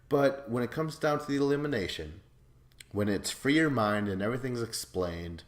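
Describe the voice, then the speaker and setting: A man hosting a podcast, casually recapping a reality show episode in a profane, rambling way, acting out quotes in quick put-on voices. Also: lowish voice, lively intonation, echoey room. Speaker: podcast host.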